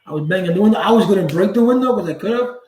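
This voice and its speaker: A man tells a story from his own life, casual and blunt, with street slang. His voice sits high for a man and leaps further up when he acts out someone else's lines. The room around him is roomy and echoey. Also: rapid-fire. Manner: animated, acts out quoted dialogue with big pitch jumps. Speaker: channel host.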